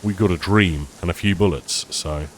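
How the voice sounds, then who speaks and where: A man's voice: low-pitched, moderate pace, slight background noise. A man chatting casually to viewers while playing a survival game, self-deprecating and rambling. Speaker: streamer. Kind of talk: casual gameplay commentary.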